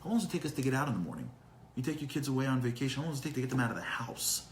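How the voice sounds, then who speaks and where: A man teaching a live online class, animated and full of rhetorical questions, quoting and translating Hebrew texts. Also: mid-range voice, rapid-fire, a little hiss or hum, rough recording. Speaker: Torah teacher.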